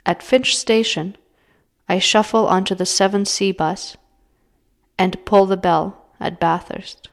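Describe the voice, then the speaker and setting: A woman reading her own short story aloud in a measured, even way. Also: medium pitch.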